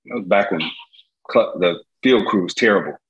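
A middle-aged man from Indiana telling a story as an interview guest, acting out the voices in it with big jumps in pitch. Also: moderate pace, lo-fi sound. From Gary, Indiana. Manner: lively storyteller, acts out quotes with jumps in pitch. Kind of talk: animated storytelling.

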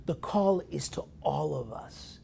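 A male priest delivers a weekly sermon with a gravelly edge and a dark, mellow tone. He leans hard on key words, then sinks into soft whispered asides, asking his listeners questions directly. A faint low rumble sits under his voice. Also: lively intonation, unhurried. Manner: emphatic, swinging between loud stresses and hushed whispered asides; talks straight to listeners with rhetorical questions. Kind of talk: sermon meditation broadcast.

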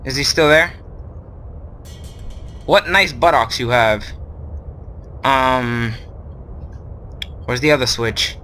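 A man's voice: medium pitch, slow, long pauses, pushed and bright, a little hiss or hum. A man hosting a horror game video, nervous and rambling, filling gaps with lots of ums. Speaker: gaming video host. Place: at home with his brother nearby.

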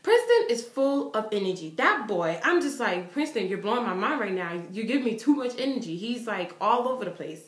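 A young woman vlogging, telling a story in an excited, chatty way, with lots of "like" fillers. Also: a little high, fairly quick, hardly any pauses, reverberant. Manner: animated, chatty, full of "like" fillers.

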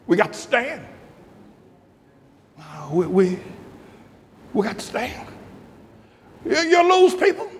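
An older man preaching a fiery sermon as pastor, breaking into laughter and shouting at the high points. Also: vocal fry. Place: large church hall. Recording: echoey church hall.

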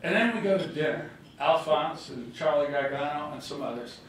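Older guy giving a storytelling speech, kinda high voice, far off in a big echoey ballroom. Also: moderate pace. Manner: storytelling, animated, acts out quotes. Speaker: former governor giving a speech. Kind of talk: political speech with anecdotes. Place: hotel ballroom reception.

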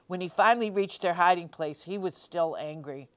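A woman reads a picture book aloud for children, her voice low-pitched and smooth. She stays gently expressive and now and then asks her young listeners a question. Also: moderate pace, hardly any pauses. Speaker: storytime reader.

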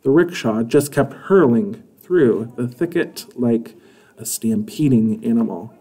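Brief: male reader narrating a children's chapter book with measured expression. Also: medium pitch, expressive, dark tone, slightly rough. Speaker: storybook reader.

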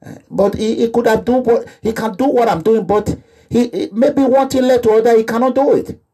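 Impassioned Nigerian man, husky high voice. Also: fairly quick, warm tone. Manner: impassioned, repetitive, preaching in pidgin phrases. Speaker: activist vlogger. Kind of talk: animated monologue.

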